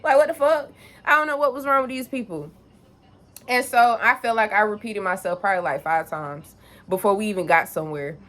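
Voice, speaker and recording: A woman's voice: medium pitch, a little fast, a bit bright. A young woman telling a story in a candid, rambling vlog, swearing freely and piling on filler phrases. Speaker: vlogger.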